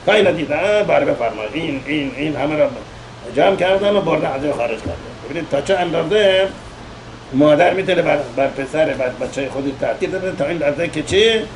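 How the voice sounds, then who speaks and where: A man, a rabbi, delivering a eulogy sermon in rapid, emphatic bursts with frequent hesitations. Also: on the high side, background noise.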